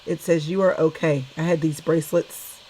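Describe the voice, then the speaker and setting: A woman in her forties hosts a relaxed talk over a video call, with a slightly low voice. She is affirming and laughs often. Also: moderate pace, slight background noise. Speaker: host. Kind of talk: casual conversation.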